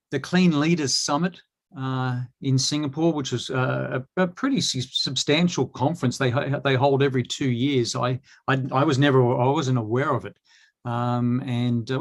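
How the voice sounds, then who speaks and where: A man with an Australian accent, talking casually as a guest. He speaks haltingly, restarting and stumbling over his words as he goes. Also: mid-range voice. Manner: halting, many restarts and fillers. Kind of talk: casual chat.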